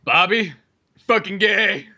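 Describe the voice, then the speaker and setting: A man's voice: high voice, slow, bright, forceful tone, dull audio, pitched above the performer's own voice, heavily acted. A man voicing a crude, abusive, beer-drinking father who insults his son. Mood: mocking. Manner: gruff and insulting.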